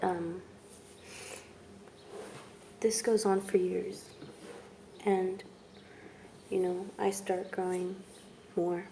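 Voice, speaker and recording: A young woman speaking to camera in a low, flat, mellow voice. She talks haltingly, pausing often and letting words fall to a whisper. The delivery stays subdued throughout. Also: slight background noise. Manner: halting and soft, with long pauses and trailing whispers. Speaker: vlogger. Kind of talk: personal testimony vlog.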